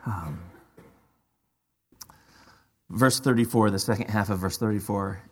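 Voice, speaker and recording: A man's voice: lowish voice, fairly quick, husky. A man preaching a sermon as a pastor, emphatic and often repeating words as he drives a point home. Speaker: father.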